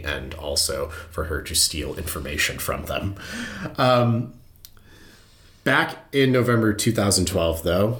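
A man with a lowish voice recounting a true-crime case for his podcast. He talks loosely and casually, scattering fillers and laughing easily. The recording has a noticeable roomy echo. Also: a bit bright, slight background noise. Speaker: podcast host.

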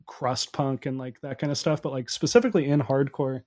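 A man from the Northwest, talking casually and haltingly with many "like" fillers. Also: medium pitch, darkish tone. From Pacific Northwest, USA. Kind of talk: casual podcast chat.

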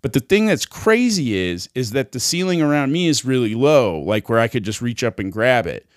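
A man's voice: mid-range voice, sing-song, moderate pace, no echo, clean studio sound. A man co-hosting a podcast, telling a long rambling story in casual chat, swearing constantly and laughing along the way. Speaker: podcast co-host.

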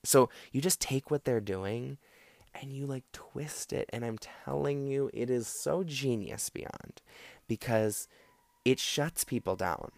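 A man's voice: mid-range voice, takes it slowly, vocal fry, darkish tone, dry recording. A man hosting a casual solo talk show, giving advice in a rambling, sarcastic way with lots of fillers and restarts. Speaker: podcast host.

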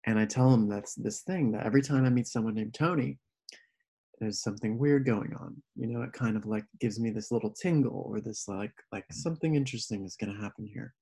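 Man telling a story, animated. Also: lowish voice, a little fast, husky. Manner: animated, acts out quoted voices. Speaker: podcast guest. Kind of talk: casual storytelling.

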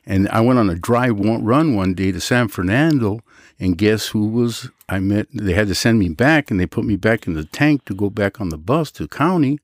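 A man with a low voice tells stories in a casual sit-down interview. His pitch swings widely as he acts out the people he quotes. The sound is dry and close. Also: normal speed, dry recording. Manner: animated storyteller, jumps high to act out quoted voices; Christian, speaks of his faith. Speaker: guest.

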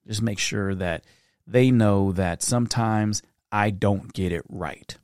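Middle aged guy talking to his podcast mic alone, earnest storyteller, lowish voice, dry close sound. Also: takes it slowly, darkish tone, clean tone, no echo. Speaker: podcast host. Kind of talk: reflective solo podcast talk.

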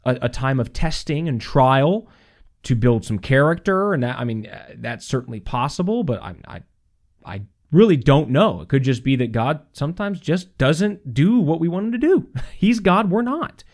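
A man hosting a faith podcast in a preaching style, reading scripture and laughing often between points. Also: on the high side. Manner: animated, laughs often, repeats phrases for emphasis; reads scripture aloud slowly. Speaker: podcast host.

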